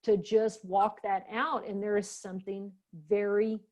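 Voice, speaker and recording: A woman's voice: mid-range voice, level tone, a little slow, a little mellow. A middle-aged woman hosting a heartfelt conversation, speaking in an earnest, reflective and emotional way. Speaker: host.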